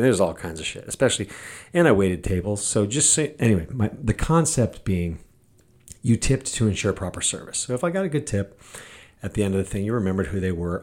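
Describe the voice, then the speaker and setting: A man's voice: on the low side, darkish tone. A man delivering a casual, profane monologue, angry and mocking as he rants. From worked as a bartender in Los Angeles. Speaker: podcaster ranting about current events.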